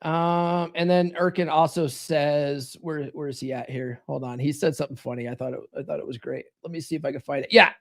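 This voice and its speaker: A man's voice: a little high, fairly even intonation, fairly quick, hardly any pauses. A man hosting a live stream, talking casually in a blunt, profane, coaching tone. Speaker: live stream host giving dating advice.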